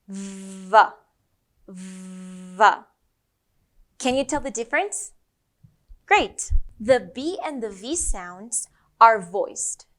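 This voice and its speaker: A woman with a Brazilian accent teaching English pronunciation, slowly modelling each sound for learners to repeat. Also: on the high side, a bit bright. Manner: slow, exaggerated modelling of sounds. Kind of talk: pronunciation lesson.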